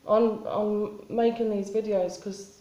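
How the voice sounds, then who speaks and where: A woman talking in a spontaneous confessional vlog, halting and rambling with many restarts and fillers. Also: mid-range voice, steady tone, warm tone, reverberant, low-quality recording. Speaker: vlogger.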